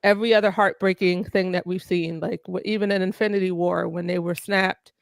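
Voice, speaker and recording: A woman's voice: on the low side, steady tone, brisk, vocal fry, no echo, clean studio sound. A woman co-hosting a casual group chat, rambling and trailing off mid-thought.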